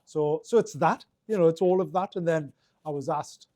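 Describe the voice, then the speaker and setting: A man's voice: on the high side, normal speed, mellow, dry recording. A middle-aged man with a Geordie accent, telling his story in a casual interview, rambling with many restarts and fillers. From Northeast England. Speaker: guest.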